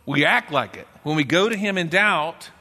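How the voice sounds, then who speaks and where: A man with a Texan accent preaching a sermon in church, talking conversationally and dropping into a low grumbling voice when he acts out a doubter. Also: moderate pace, pushed and bright. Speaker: pastor. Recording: long reverb in a church hall.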